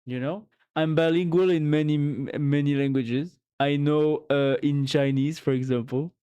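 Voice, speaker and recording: A man's voice: fairly high pitch, fairly even intonation, normal speed, warm tone, clear, resonant tone. A man with a French accent chatting casually and joking while he codes on a live stream. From France. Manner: joking, musing aloud, full of restarts.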